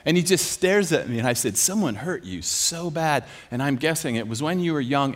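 A preacher telling a story in a sermon. He is animated and self-mocking, and he often laughs as he talks. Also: medium pitch, moderate pace, few pauses.

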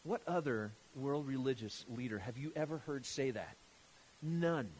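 A man preaching a sermon from scripture, animated and emphatic, firing rhetorical questions at his listeners. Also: mid-range voice, normal speed, slight background noise.

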